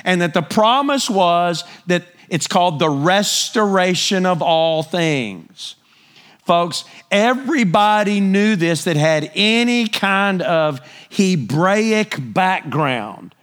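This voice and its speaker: A middle-aged man preaches a sermon with an animated, conversational delivery. His voice sits fairly high and climbs higher still when he grows excited. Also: slow pace, smooth.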